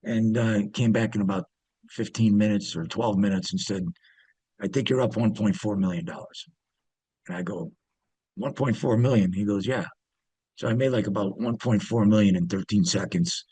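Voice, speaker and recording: A man's voice: lowish voice, normal speed, dark tone, husky, dry recording. A man, an interview guest, telling stories casually, rambling with many fillers and restarts. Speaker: interview guest, former pit trader. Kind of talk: casual storytelling.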